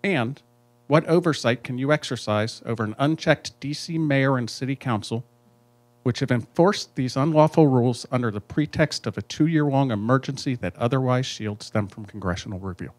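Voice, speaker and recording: A restaurant owner from the United States reading a firm, indignant statement and question at a town hall. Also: male voice, medium pitch, moderate pace.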